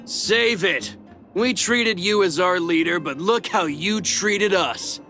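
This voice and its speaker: An actor voicing a taunting young miner who leads a gang of bullies in a game. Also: male voice, high voice, takes it slowly, sharp tone, faint music behind, exaggerated voice. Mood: accusing. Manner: taunting, sneering. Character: mocking young male miner, a bullying ringleader. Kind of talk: game voice acting.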